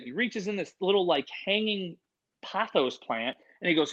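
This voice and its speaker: A man who breeds reptiles, telling stories in casual chat with lots of fillers and swearing, getting animated. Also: high voice, moderate pace, lo-fi sound.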